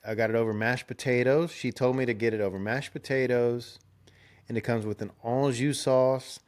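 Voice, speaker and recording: A man's voice: mid-range voice, darkish tone. A young man, telling rambling stories in a casual podcast chat and laughing often. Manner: rambling, laid-back, laughs often, restarts. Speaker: podcast host.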